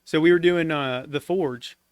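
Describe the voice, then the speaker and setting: A man telling an army story as a podcast guest, casual and animated, laughing as he goes. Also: on the high side, normal speed, clean tone, no echo. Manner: animated, laughs often while telling stories.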